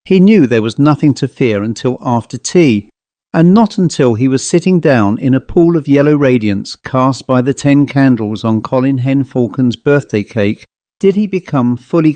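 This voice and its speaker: A male audiobook narrator reads a literary ghost story in a measured, even manner. His voice is dark and mellow at a middle pitch. The recording is dry and close on the mic. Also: no echo.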